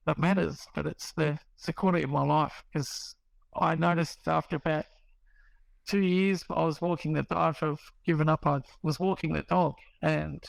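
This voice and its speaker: A man's voice: on the high side, vocal fry, no echo, rough recording. A middle-aged man, casually telling his recovery story in a rambling way, with restarts and quoted dialogue. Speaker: guest sharing recovery story.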